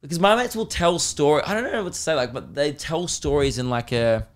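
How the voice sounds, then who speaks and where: An Australian man hosting a podcast, chatting casually and telling rambling stories with laughs and quick mimicry. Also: a little high. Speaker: podcast host and comedian. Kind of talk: casual chat.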